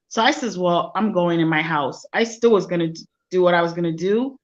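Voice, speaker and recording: A woman guest recounting a personal story in an interview, speaking quietly and softly. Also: lowish voice, a little fast, few pauses, highs cut off. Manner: soft-spoken, quiet storytelling.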